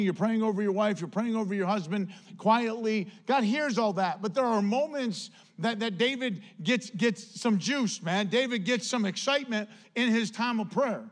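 A man preaching a sermon as pastor, emphatic and repetitive, swinging between loud declarations and hushed, earnest passages. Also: sits high. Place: church.

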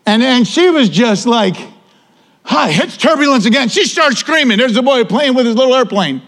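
High-voiced pastor preaching with fervor. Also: male voice, lively intonation, normal speed, fairly bright tone. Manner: preaching with rising fervor, repeating key phrases. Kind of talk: sermon.

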